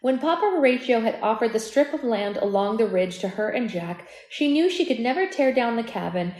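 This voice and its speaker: A woman's voice: a little high, mellow, reverberant. A woman hosting a live book club reading, reading steadily and now and then breaking off to chat or correct herself. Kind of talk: live read-aloud.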